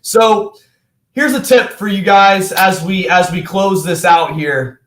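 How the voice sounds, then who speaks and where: A young man giving an energetic, emphatic motivational talk as a coach, speaking straight to his viewers. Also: high voice, takes it slowly, reverberant.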